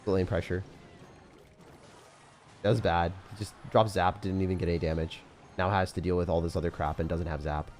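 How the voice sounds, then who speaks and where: A man's voice: deep voice, steady tone, fairly quick, long pauses, a little mellow, slight background noise. A young man giving loose, jokey live commentary on his gameplay as a streamer, full of slang and sudden outbursts. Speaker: gaming streamer.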